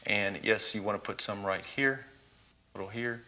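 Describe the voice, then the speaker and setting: A man's voice: fairly low pitch, normal speed, sharp tone. A man teaching an oil painting lesson, folksy and encouraging, talking students through each brushstroke. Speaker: painting instructor.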